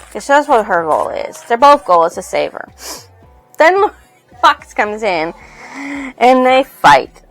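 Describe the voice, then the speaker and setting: A woman's voice: on the high side, big pitch swings, takes it slowly, long pauses, faint music behind, poor audio. A woman casually recapping a novel for her channel, rambling and loosely reading out quotes from it. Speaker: book reviewer.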